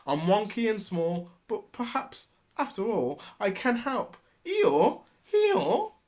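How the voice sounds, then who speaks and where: Storybook donkey voiced by a man: old, small and wonky, high wailing voice, loud brays. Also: big pitch swings, slow pace, exaggerated voice. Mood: hopeful. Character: small old wonky female donkey, earnest, easily discouraged.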